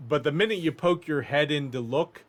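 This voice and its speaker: A man's voice: on the high side, moderate pace. A man narrating as dungeon master of a tabletop game, describing scenes with frequent restarts.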